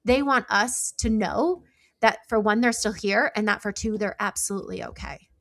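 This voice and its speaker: A middle-aged woman talks as an interview guest, patiently explaining ideas in an earnest, chatty way. Her voice sits at a middle pitch, and she often reaches for "like" as she builds her point. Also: normal speed, gravelly, a bit bright. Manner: explanatory, earnest, uses many likes. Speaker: psychic guest. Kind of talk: interview conversation.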